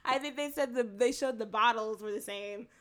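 A woman with a slightly high voice speaks at a moderate pace, with a little background noise. Co-hosting a casual podcast chat, she retells a TV episode in an animated way, laughing a lot and swearing freely.

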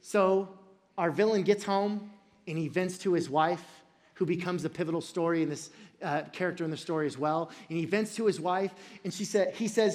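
A pastor retelling a story in a sermon, dramatic and jokey, with bursts of shouting at the high points. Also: steady tone, normal speed.

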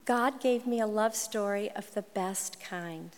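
Cheery old irish nurse lady, a storyteller voicing her, slow and warm, echoey hall. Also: mid-range voice, natural voice. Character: joyful elderly Irish woman nurse. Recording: long hall reverb.

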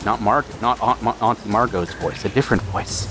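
Man narrating a tabletop game over music. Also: lowish voice. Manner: halting, repeats words while improvising. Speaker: game master.

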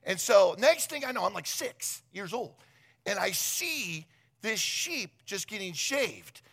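Gravelly, animated male preacher. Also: high-pitched, slow pace. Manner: animated storytelling, conversational with asides. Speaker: pastor. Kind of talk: sermon.

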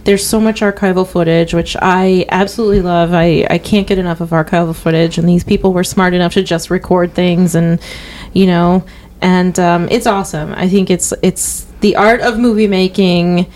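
A woman's voice: fairly low pitch, fairly even intonation, normal speed, darkish tone. Chatty woman podcast co-host. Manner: chatty, enthusiastic, many fillers. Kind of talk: casual chat.

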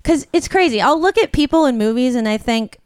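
Chatty, self-conscious woman with a smooth voice. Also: high-pitched, animated, brisk, darkish tone, no room sound. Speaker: actress. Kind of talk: casual chat.

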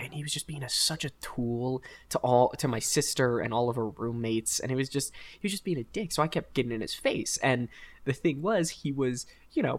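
A young man hosting a podcast, telling a college story in a casual, rambling, animated way with frequent laughter. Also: mid-range voice. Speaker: podcast host.

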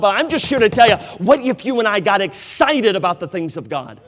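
Man preaching, high-pitched voice, fervent, repetitive, long hall reverb. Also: big pitch swings, brisk, few pauses, fairly bright tone. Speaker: preacher at college chapel. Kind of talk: sermon. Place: large chapel.

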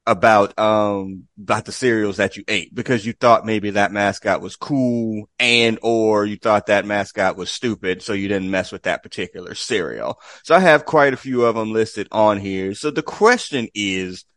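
A man's voice: lowish voice, moderate pace, few pauses, a bit bright, no echo. A man hosting a casual podcast chat, rambling loosely with lots of fillers. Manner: laid-back, rambling, with frequent fillers and laughs. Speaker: podcast host.

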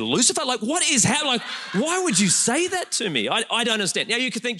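A man preaching a light, joking sermon to a room full of people. His voice sits high and bright. It swings up and down as he teases the crowd and tells his story. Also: brisk, hardly any pauses. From Australia. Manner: animated storytelling, playful asides to the crowd. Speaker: pastor. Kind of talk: humorous sermon to a live congregation.

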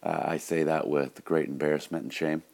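Gravelly very deep-voiced podcast man. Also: moderate pace. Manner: deadpan joke telling, yelling the customers' lines. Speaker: podcast host. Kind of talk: telling a joke, then casual podcast talk.

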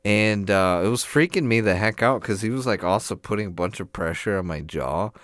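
A man's voice: lowish voice, brisk, a bit bright, no room sound, clean studio sound. A man on a podcast telling a long, rambling story full of laughs while his jaw is sore from recent tooth surgery. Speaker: podcast co-host. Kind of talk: casual chat.

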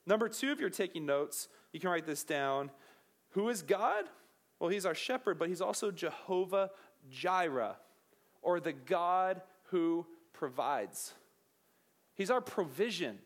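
A young man preaching a sermon in a casual, animated way, joking with the crowd and acting out little quotes. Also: high voice, a little slow.

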